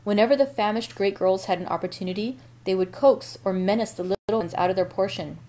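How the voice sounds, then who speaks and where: A woman hosts a daily library read-aloud, working through a classic novel chapter by chapter. Her pace is steady and unhurried, with small self-corrections along the way, at an ordinary mid pitch.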